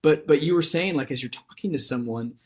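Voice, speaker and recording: A man's voice: a little high, fairly quick, a little mellow. A man hosting a podcast interview, upbeat and affirming, with many hesitant restarts. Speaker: podcast host.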